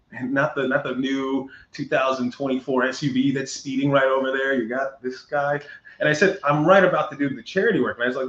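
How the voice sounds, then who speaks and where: A man, a guest on a chat show, tells a story in a casual, animated way, acting out the lines of the people in it and laughing often. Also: mid-range voice, brisk. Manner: animated, acts out quoted dialogue, laughs often. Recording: muffled echoey room recording.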